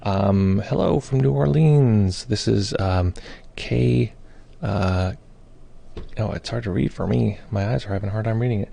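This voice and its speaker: A man's voice: fairly low pitch, a little slow, vocal fry, warm tone. A man hosting a meditation live stream, chatting casually, greeting viewers and reading their comments aloud, with many fillers. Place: home or studio in Brooklyn.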